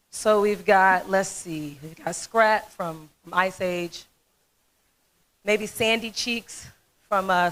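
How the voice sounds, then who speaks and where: A woman in her thirties giving a motivational conference talk, telling a folksy, animated story. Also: mid-range voice, poor audio. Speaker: dentist speaker.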